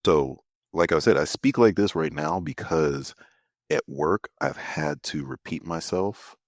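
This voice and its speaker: A man from Houston, Texas co-hosting a casual podcast, animated and laughing, stretching words for emphasis. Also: a bass voice, unhurried, dry recording, clean studio sound. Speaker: podcast co-host.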